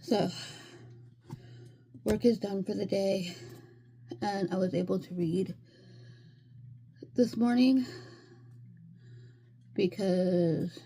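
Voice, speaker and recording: A woman's voice: medium pitch, fairly even intonation, drawn-out words, long pauses, dark tone, a little hiss or hum. A woman giving casual reading updates in a vlog from home, easygoing and rambling with lots of fillers. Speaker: reading vlogger.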